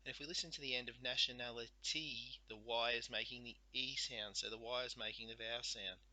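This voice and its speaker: A man teaching a recorded spelling lesson, speaking slowly and carefully and sounding out letters and syllables one by one. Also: mid-range voice, fairly even intonation, pushed and bright, dry recording, poor audio.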